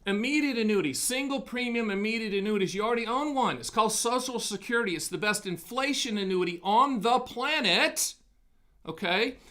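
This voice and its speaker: Bright, high-voiced man hosting. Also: expressive, fairly quick. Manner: folksy, punchy, salesman banter. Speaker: host of an annuity live event. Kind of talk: energetic sales-education talk. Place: studio.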